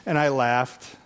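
A man preaching a sermon, telling a story and acting out his prayers and phone calls with lively delivery. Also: medium pitch, clear, resonant tone. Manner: animated storyteller, acts out quoted prayers and calls. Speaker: guest preacher.

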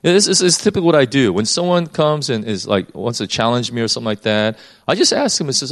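A man's voice: mid-range voice, very animated, quick pace, few pauses. A man preaching in a conversational Bible-teaching style, often repeating words as he thinks.

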